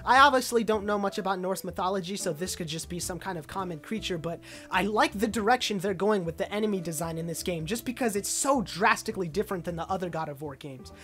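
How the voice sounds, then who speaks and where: Excitable woman gushing over a trailer. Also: mid-range voice, fast talker, few pauses, faint music behind. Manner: excited, rambling, many "uh" and "like" fillers. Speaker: video game trailer analyst. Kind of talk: casual commentary over a trailer.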